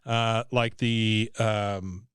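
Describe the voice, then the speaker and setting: A man's voice: on the low side, little pitch movement, drawn-out words, a bit bright, clean tone, dry recording, studio quality. A man co-hosting a podcast, casually retelling scenes and briefly mimicking the characters. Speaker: podcast co-host. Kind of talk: casual recap chat.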